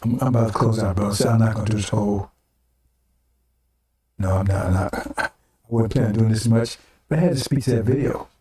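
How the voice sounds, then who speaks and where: A man's voice: lowish voice, fairly quick, pauses often, warm tone, a little hiss or hum. Older man preaching in an echoey room. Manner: rhetorical, repeats phrases, tags "right?" and "see?". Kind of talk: informal sermon broadcast. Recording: echoey room, mic at a distance.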